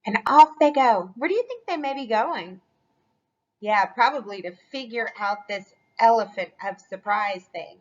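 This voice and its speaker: Cheerful woman teacher reading a storybook to kids, encouraging and animated; lo-fi. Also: a little high, moderate pace. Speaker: school curriculum specialist. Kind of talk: read-aloud lesson for children.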